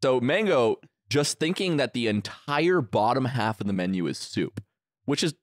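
A man's voice: mid-range voice, sing-song, moderate pace, dry recording, clean studio sound. A man co-hosting a podcast, telling a story in casual chat, acting out the quotes and swearing freely. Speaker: podcast co-host.

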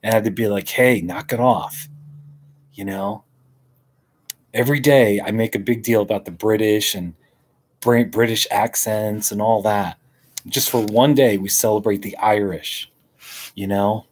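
A man live-streaming from a hammock outdoors, chatting casually and rambling with a relaxed, drawn-out manner. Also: lowish voice.

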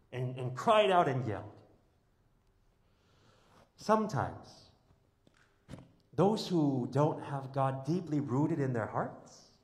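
A man's voice: a little high, a little mellow. Emphatic male priest in an echoey church. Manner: emphatic, with rhetorical questions and lists. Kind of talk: homily.

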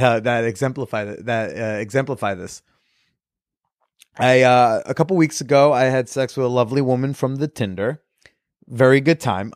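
Excitable young man hosting a podcast. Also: mid-range voice, no echo, clean studio sound. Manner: excitable, swears freely, frequent restarts. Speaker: podcast host. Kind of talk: casual chat.

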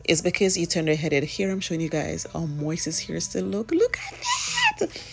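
Low-voiced Jamaican woman chatting. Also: fairly even intonation, vocal fry. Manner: chatty, rambling, tends to talk fast. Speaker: mother doing her kids' hair. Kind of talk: casual chat vlog.

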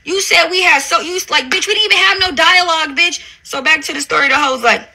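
A woman's voice: very high-pitched, brisk, hardly any pauses, sharp tone. A woman ranting angrily and profanely on a livestream, hurling insults at someone who wronged her. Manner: profane, confrontational, repeats "bitch" constantly. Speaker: reality TV personality on a livestream.

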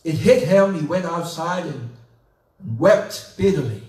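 Slow, high-voiced man preaching a sermon. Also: animated, a little mellow, roomy sound, distant mic. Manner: slow, dramatic storytelling with rising emphatic questions. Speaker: pastor. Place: church sanctuary.

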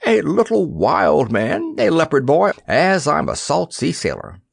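A man's voice: very animated, unhurried, creaky, husky, no room sound, exaggerated voice. Man doing a bluff old sea captain. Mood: hearty. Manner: booming, salty sailor talk.

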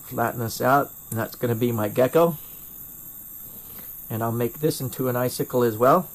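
A middle-aged glassblower from North Carolina talks through a live torch demo from his home bench, his mid-range voice moving at a moderate pace. He answers viewers in a rambling, self-deprecating way, often restarting his sentences. The audio comes from a first-person camera mic.

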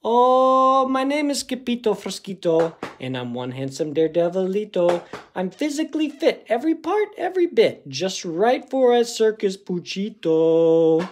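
A cheeky little Siamese kitten boy, as a man reads him aloud, pipes up high and bouncy in a playful sing-song. His pitch leaps all over the place. This is storybook mischief. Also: huge pitch swings, takes it slowly, a little hiss or hum, full character voice.

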